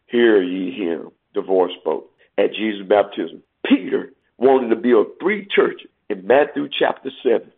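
A man's voice: mid-range voice, gravelly, slightly rough. A man preaching a sermon, quoting scripture and climbing in emphatic bursts. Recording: tinny phone-like sound.

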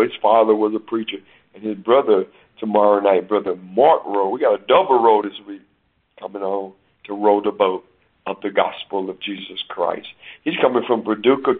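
Preacher guy on a phone line, low husky voice, stretches words for emphasis. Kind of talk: sermon announcements and prayer over a phone call.

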